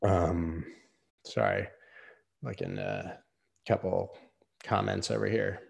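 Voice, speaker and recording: A man's voice: low-pitched, big pitch swings, slow, gravelly. A man hosting a casual live-stream chart analysis. He rambles loosely, leans on filler words and swears freely. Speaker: host.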